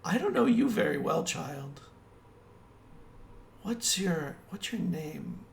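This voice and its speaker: A man playing a sly captive woman, lively and slow. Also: fairly high pitch, creaky, reverberant, heavily acted. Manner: sly, teasing, drawn-out speech. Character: cunning captive woman, scheming and mocking. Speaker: dungeon master.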